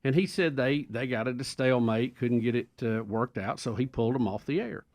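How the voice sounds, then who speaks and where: A man's voice: mid-range voice, fairly quick. A man co-hosting a radio talk show, telling a funny story and acting out the people in it. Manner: animated storyteller, acts out quoted voices.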